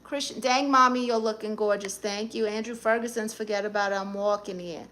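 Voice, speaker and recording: A woman's voice: a little high, moderate pace, few pauses, a bit bright. A woman hosting a live stream, reading viewers' comments aloud and answering them in a sassy, blunt, teasing way.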